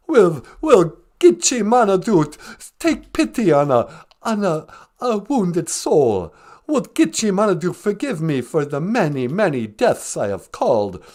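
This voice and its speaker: A melodramatic vampire count drawls slowly in a mock old-world accent, punctuating everything with a theatrical "ah, ah" cackle, as a man puts him on. His voice swoops wildly up and down as he mopes about his cursed undead fate. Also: high-pitched, a little mellow, heavily acted. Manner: slow, melodramatic, self-pitying. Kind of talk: comedic call-in sketch.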